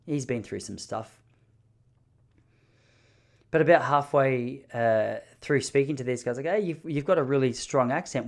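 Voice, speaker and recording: A young adult man hosting a podcast, telling a story casually in an animated, jokey way. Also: mid-range voice, gravelly. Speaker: podcast host.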